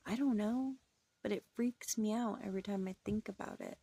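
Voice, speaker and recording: A woman's voice: medium pitch, moderate pace, warm tone, husky. A woman casually telling a true paranormal story from her childhood, chatty and dropping into whispers for suspense. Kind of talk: casual first-person storytelling.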